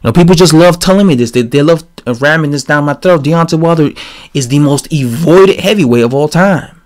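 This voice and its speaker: A man giving a casual, rambling opinion rant on his channel, animated and full of fillers and restarts. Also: on the high side, fairly quick. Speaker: boxing commentator vlogger.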